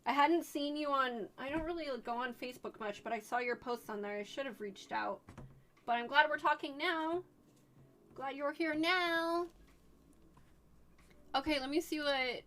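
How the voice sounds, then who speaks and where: A young woman from Oregon streaming live, chatting casually with viewers and gushing excitedly. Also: sits high, moderate pace. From Oregon, United States.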